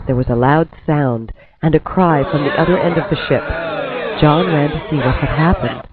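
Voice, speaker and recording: Male narrator, slightly high voice, steady storybook reading, tinny phone-like sound. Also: normal speed, very noisy. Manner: steady, clear storytelling delivery. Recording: tinny phone-like dry recording.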